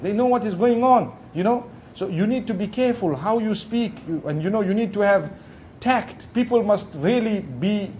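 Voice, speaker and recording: A man giving a conversational Islamic sermon, talking directly to his listeners in a relaxed way with frequent asides. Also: high voice, a little hiss or hum. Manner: relaxed, talks directly to the audience with frequent "you know". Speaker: Islamic preacher.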